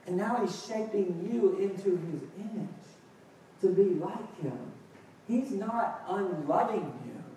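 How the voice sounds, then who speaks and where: High-voiced preacher in a booming hall. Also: male voice, slow pace, dark tone, slight background noise. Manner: impassioned preaching, rising to emphatic outbursts. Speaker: pastor. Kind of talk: sermon. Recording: echoey hall, picked up from a distance.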